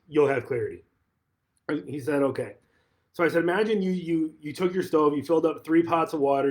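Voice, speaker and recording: A man with a voice pitched a bit above average talks casually on a livestream as a real estate office manager. He is chatty and keeps repeating and restarting his phrases as he retells a conversation.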